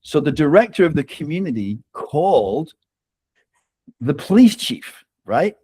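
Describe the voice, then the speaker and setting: A man's voice: on the high side, sing-song, a little slow, warm tone, breathy edge, no echo. A man guest telling a personal story in casual conversation, often tagging sentences with "right?" and laughing between lines. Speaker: author guest.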